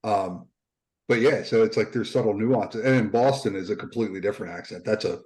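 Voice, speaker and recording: A man's voice: fairly low pitch, a little fast, a little mellow, rough recording. A man from the US Northeast co-hosting a podcast, asking questions in a loose, rambling way. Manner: rambling, many fillers and restarts. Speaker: podcast co-host. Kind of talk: casual podcast chat.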